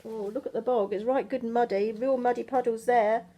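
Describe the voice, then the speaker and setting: A woman's voice: on the high side, steady tone, a little fast, a little hiss or hum. Grandmother reading a picture book. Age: older. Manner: gentle, chatty asides to children.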